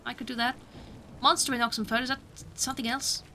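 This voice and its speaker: A woman's voice: on the high side, level tone, fast talker, pushed and bright, slight background noise. A young woman streaming a video game, chatting along with giggly, self-mocking asides. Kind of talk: live gameplay commentary.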